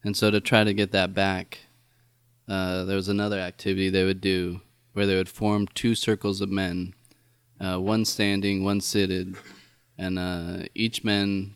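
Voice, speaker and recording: A man on a comedy podcast explaining the topic in a relaxed, rambling way, with plenty of filler words. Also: low-pitched, clean tone, no echo. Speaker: podcast co-host presenting the topic. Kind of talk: casual comedy podcast chat.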